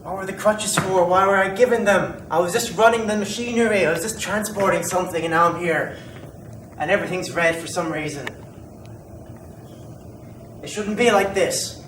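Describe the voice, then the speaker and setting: A man's voice: high-pitched, normal speed, a bit bright. A man playing a bewildered techno-human, roomy and distant. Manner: bewildered, questioning himself aloud. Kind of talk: amateur audio drama. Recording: roomy, distant mic, noisy background.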